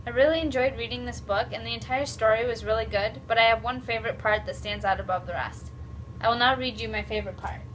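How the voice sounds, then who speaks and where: A young woman, a student, presenting a children's book and reading a passage aloud cheerfully and clearly. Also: on the high side, fast, fairly bright tone, slight background noise. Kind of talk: read-aloud book talk.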